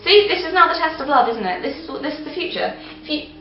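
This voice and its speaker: A woman's voice: high voice, very animated, fast talker. A woman ranting in a casual vlog as a book reviewer, exasperated and sarcastic, often laughing at what she criticizes. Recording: roomy echo, slightly dull, faint music.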